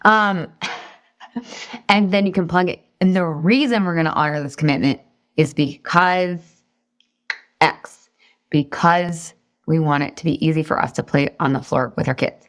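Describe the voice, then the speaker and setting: A woman in her forties, a weight loss coach, teaching a live online class in an energetic, chatty, encouraging way that jumps into high excited outbursts. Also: a little slow, pauses often.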